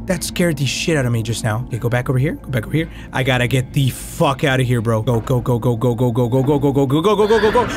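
A man giving excitable, profane let's-play commentary on a game, slipping into Spanish slang now and then. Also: medium pitch, fast, hardly any pauses, shouting. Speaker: gaming YouTuber. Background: game music.

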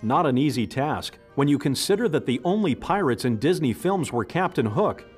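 A man giving scripted documentary narration in an even, informative way. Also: a little high, moderate pace, soft background music.

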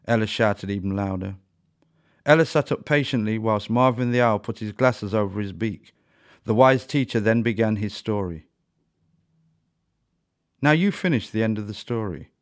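A man narrating a children's story in a calm, clear manner. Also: fairly low pitch, normal speed, pauses often.

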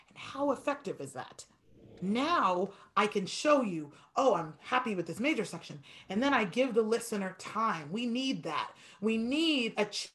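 A female piano teacher leads a masterclass in an encouraging way, her delivery fast and animated and her pitch very expressive.

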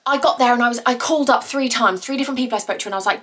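Young woman, slightly high voice, breathless bubbly vlog chat at home. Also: rapid-fire, few pauses, a bit bright. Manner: chatty, bubbly, rambling. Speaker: vlogger. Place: at home indoors.

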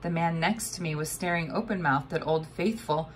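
A woman narrating a children's novel aloud with expressive storytelling. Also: sits low, normal speed, a little hiss or hum. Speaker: audiobook narrator. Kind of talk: scripted narration.

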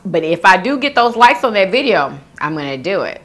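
A woman talks casually to her viewers, reading their comments out loud. Her voice swoops up and down with animated energy. She laughs easily between sentences. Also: medium pitch, a little fast. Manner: animated, laughs often, reads comments aloud.

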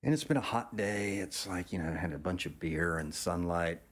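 Low-voiced man telling a rambling story. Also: moderate pace. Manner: rambling, with frequent restarts and casual swearing; acts out other people's lines in a raised pitch. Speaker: photographer telling a story as interview guest. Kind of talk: casual anecdotal storytelling.

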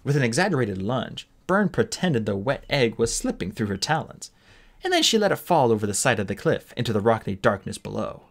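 Animated male storybook narrator. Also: medium pitch, fairly quick. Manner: expressive, animated reading. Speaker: audiobook reader.

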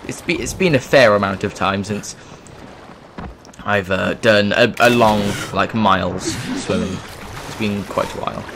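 Guy rambling over his gameplay, lowish voice, yelps now and then, faint hiss. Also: a little slow. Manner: rambling, chatty, with sudden exclamations. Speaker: gaming YouTuber. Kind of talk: let's play commentary.

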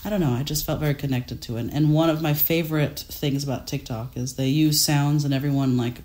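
A woman's voice: low voice, steady tone, brisk, darkish tone. Woman in her 30s, french-born guest, casual chatty interview, rambling with frequent laughs. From France. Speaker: guest artist. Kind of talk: casual chat.

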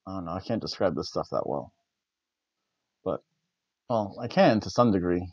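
A man's voice: low-pitched, animated, normal speed, darkish tone, breathy edge, no echo. A man hosting a casual wrestling review, rambling and correcting himself with the odd chuckle. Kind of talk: casual spoken event review. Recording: dry, slightly dull lo-fi audio.

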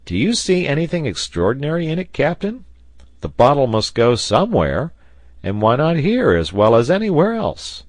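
A man voicing Pencroft, an eager excitable sailor. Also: moderate pace, few pauses, no echo. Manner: excited, loud, raised pitch. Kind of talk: audiobook character voice.

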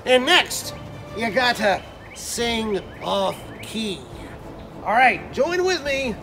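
A man's voice: very high-pitched, very animated, slow, music in the background, heavily acted. A man playing a jolly pirate captain who teaches children the pirate rules with hearty, growling pirate talk. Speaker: pirate character in an art lesson.

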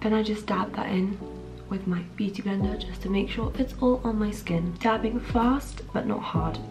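Chatty young woman with a gravelly voice. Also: medium pitch, steady tone, moderate pace, over music, rough recording. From London. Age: 20s. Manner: chatty, upbeat, lots of fillers like "like". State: groggy morning voice. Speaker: trainee surgeon and vlogger. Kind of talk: casual vlog chat. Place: at home getting ready.

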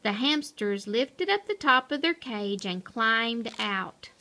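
A woman reads a children's picture book aloud, her high voice rising and falling with lively expression. She takes her time, and her tone is bright and clear. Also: takes it slowly. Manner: expressive, storytelling. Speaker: narrator.

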